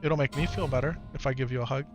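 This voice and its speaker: A man streaming live who talks softly and coaxingly with his young son, then reads and answers his chat in casual talk. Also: medium pitch, steady tone, quick pace. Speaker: streamer and father. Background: game music.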